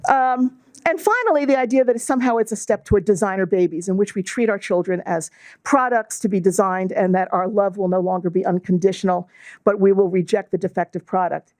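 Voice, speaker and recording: A middle-aged woman with a New York accent giving a measured, explanatory lecture as a guest speaker, using fillers now and then. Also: mid-range voice, a little mellow, dry recording. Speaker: guest speaker, law and bioethics professor. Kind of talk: lecture to a club audience.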